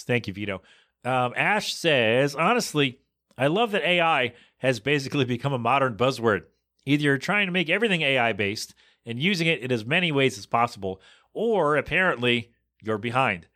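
A podcast host in his thirties chatting casually, reading listener answers and mocking them in an exasperated, animated way. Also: mid-range voice, normal speed. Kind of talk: casual chat.

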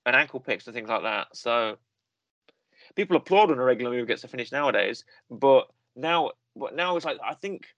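A man co-hosting a wrestling review show, telling stories in a rambling, animated way with lots of repetition. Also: mid-range voice, fairly quick, dry recording, dull audio. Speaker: podcast co-host. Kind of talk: casual chat.

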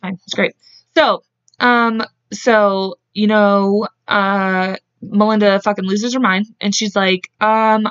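A woman's voice: medium pitch, fairly even intonation, a little slow, fairly bright tone, no room sound, muffled recording. Chatty, profane woman podcast host. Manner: chatty and profane, with laughing asides and side tangents. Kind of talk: casual true-crime storytelling.

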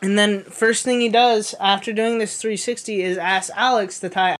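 A woman's voice: mid-range voice, fairly even intonation, moderate pace. A woman casually telling a funny story on a podcast, swearing and laughing along the way.

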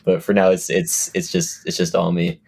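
A man's voice: low-pitched, flat delivery, normal speed, gravelly, darkish tone. A man co-hosting a film podcast, talking casually with many fillers and restarts. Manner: hesitant, many fillers, laughs often. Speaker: podcast co-host. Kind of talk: casual chat.

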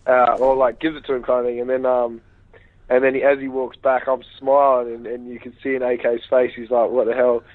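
A man on a tinny phone line tells a long story in a rambling, animated way, jumping in with quoted lines. His voice sits at an ordinary middle pitch. The call sounds dry and close. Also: brisk, dry recording. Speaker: interview guest. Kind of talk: casual phone interview storytelling.

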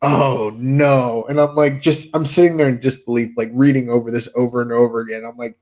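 A man's voice: mid-range voice, little pitch movement, moderate pace, darkish tone. A young man co-hosting a podcast in casual chat, rambling through stories, laughing often and swearing freely. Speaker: podcast co-host.

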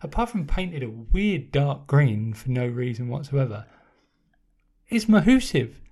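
A man's voice: mid-range voice, sing-song, unhurried, mellow. A man, trading sarcastic, exasperated banter as co-host of a casual film podcast. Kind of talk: casual chat.

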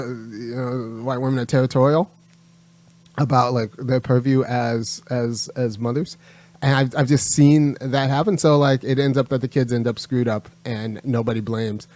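A man's voice: mid-range voice, a little mellow, dry recording. A man hosting his own channel, giving an emphatic opinion monologue that repeats its points and lectures. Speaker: channel host.

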